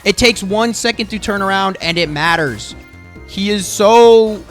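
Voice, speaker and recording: A man reviewing his own gameplay as a lesson, emphatic and repetitive, swearing and saying "bro" often. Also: high-pitched. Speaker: gamer coaching through his own gameplay.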